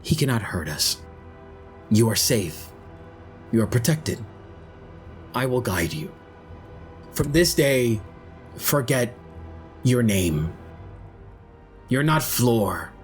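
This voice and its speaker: A man's voice: medium pitch, sing-song, slow pace, long pauses, faint music behind. Omis, a coaxing old villain, as a man puts him on. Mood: menacing. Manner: coaxing, soothing, menacing. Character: old male villain, a false father figure.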